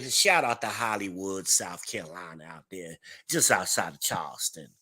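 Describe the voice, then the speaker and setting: A man's voice: low-pitched, lively intonation, moderate pace, hardly any pauses, bright, forceful tone. A man hosting a podcast livestream, chatting casually, reading out comments and laughing often. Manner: chatty, reads chat aloud, laughs often. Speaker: podcast host.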